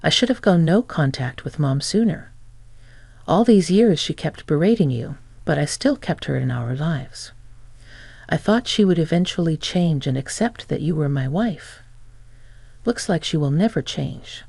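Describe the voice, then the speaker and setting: A woman's voice: low voice, animated, unhurried, gravelly, darkish tone, husky, no room sound, full character voice. A woman reading as an earnest, apologetic husband. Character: supportive husband, adult man, apologetic and resolute.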